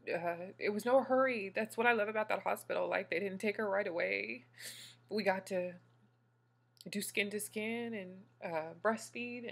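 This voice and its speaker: A woman's voice: mid-range voice, gravelly, fairly bright tone, husky. A woman vlogger and new mother talking casually to her viewers, gushing and emotional.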